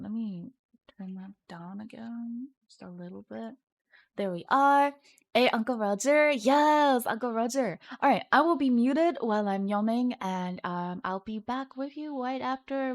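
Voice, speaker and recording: A woman's voice: on the high side, moderate pace. A young woman streaming her art, chatting casually and teasing her viewers as she reads their messages.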